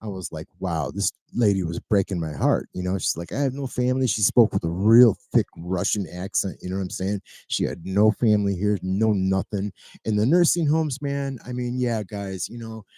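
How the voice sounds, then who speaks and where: A man's voice: fairly low pitch, normal speed, dark tone, no echo. A middle-aged man telling a long personal story in a casual, earnest, rambling way, full of fillers and tag questions. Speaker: medical transport driver. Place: at home.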